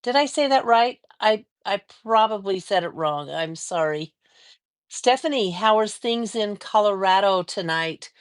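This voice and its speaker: A woman's voice: medium pitch, animated, measured pace. A woman hosting a casual quilting livestream from her home studio, chatting and greeting viewers by name. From American Mountain West. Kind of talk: casual live-stream chat greeting viewers.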